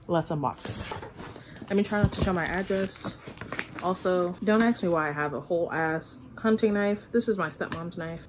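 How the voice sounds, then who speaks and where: Gushing, excitable young woman vlogger. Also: lowish voice, moderate pace, noisy background. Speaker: book vlogger. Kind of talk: casual vlog chat.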